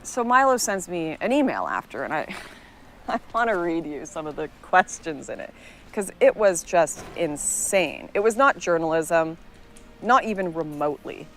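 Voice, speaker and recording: Woman, low-pitched voice, earnest scripted narration, personal story. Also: big pitch swings, normal speed, slight background noise. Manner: earnest, recounting.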